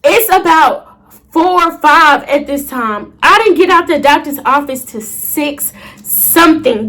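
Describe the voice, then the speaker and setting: A woman in her late twenties telling a storytime vlog, animated and dramatic, full of slang and asides to her viewers. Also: sits high. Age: late 20s. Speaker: storytime vlogger. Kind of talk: casual storytelling to camera.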